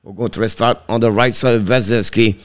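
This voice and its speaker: Excitable man calling hockey. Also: clear, resonant tone. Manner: rapid clipped calls, pitch jumping sharply on shots. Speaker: hockey play-by-play commentator. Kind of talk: live stream play-by-play commentary.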